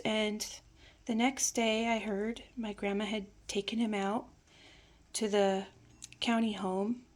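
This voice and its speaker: A woman with a medium-pitched voice tells a personal family memory, reflective and hesitant, occasionally dropping to a soft near-whisper. She's speaking as a storyteller.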